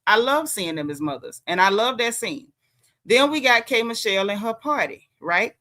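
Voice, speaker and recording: A woman's voice: on the high side, expressive, moderate pace, bright, forceful tone. A woman from the American South with a Southern accent, chatting emphatically through a casual livestream recap as host. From Southern United States. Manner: chatty, emphatic, colloquial with lots of slang. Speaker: host recapping a reality show.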